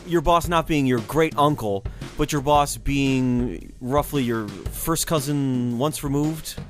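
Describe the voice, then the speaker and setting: Casual man telling history. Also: a little high. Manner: conversational, speculative asides and restarts. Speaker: history podcast host.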